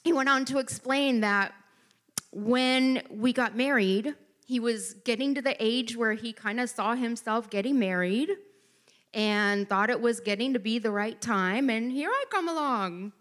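A woman's voice: fairly high pitch, a little slow, fairly bright tone. A middle-aged woman giving a personal testimony at a church gathering, telling her story with animation and acting out the voices she quotes.

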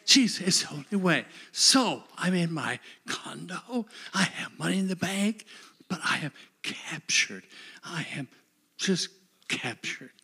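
Husky preacher guy, high voice that jumps all over, slow and dramatic, yells then whispers. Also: expressive. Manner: dramatic, swinging from shouts to whispers. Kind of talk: sermon.

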